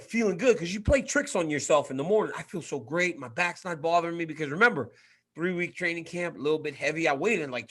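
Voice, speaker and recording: Animated high-voiced man telling stories. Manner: animated storyteller, acts out quotes, repeats words. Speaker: co-host, former fighter. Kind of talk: casual chat.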